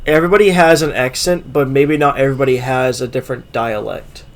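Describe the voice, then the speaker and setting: A man's voice: mid-range voice, steady tone, a little fast. A man from Florida co-hosting a casual comedy podcast, chatty and full of fillers as he explains. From Florida, United States. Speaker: podcast co-host.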